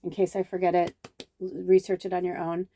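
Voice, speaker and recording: A woman's voice: lowish voice, a little fast. A middle-aged woman from Chicago, a spiritual medium, telling a rambling, digressive personal story in a casual vlog, swearing now and then and acting out quoted dialogue. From Chicago, USA. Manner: acts out quoted dialogue with lively reactions.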